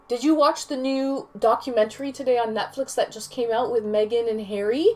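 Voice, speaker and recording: A woman's voice: a little high, steady tone, a little fast. A woman livestreaming and casually answering her chat aloud, rambling and chatty with some swearing. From Canada.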